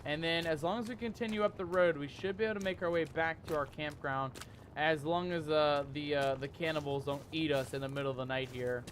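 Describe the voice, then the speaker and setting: A man playing a survival horror game and commenting as he goes, calling his viewers "mateys" and shouting when he gets scared. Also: on the high side, fairly quick, slight background noise. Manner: jumpy, excitable, loud when scared. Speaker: gaming YouTuber. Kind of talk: let's play commentary.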